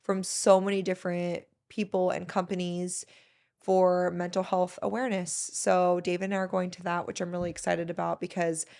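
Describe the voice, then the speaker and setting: A woman's voice: on the low side, little pitch movement, normal speed, creaky, a little mellow. A woman in her thirties hosting a solo podcast, chatting casually and emotionally as she gushes and tells stories. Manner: chatty, emotional, gushing storyteller. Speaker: podcast host.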